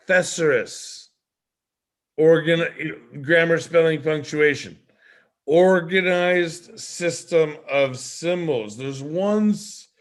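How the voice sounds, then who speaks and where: A man hosting a live online show as a leadership coach, teaching in an animated way with many rhetorical questions over a video call. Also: fairly high pitch.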